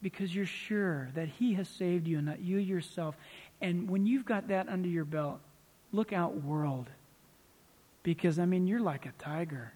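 Man, pastor, lively storytelling sermon, high voice, echoing church hall. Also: a little slow. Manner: animated storytelling, acts out quoted voices. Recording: long hall reverb.

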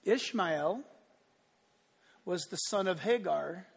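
A man preaching a sermon, telling the story with lively acted-out voices and building to impassioned peaks. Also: high-pitched, slow, creaky, husky, long reverb tail. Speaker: pastor.

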